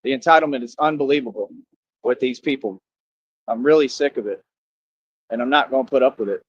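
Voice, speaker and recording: A man's voice: mid-range voice, brisk, husky, dry recording. A young man in a boastful, confrontational monologue to the camera, full of slang and rhetorical questions. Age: young adult. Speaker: vlogger. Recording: dull lo-fi sound.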